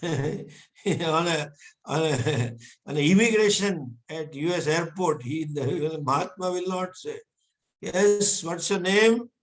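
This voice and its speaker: A man gives a scripture lecture in a fairly high voice. He speaks slowly and patiently and breaks into small chuckles often. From India. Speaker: Vedanta teacher.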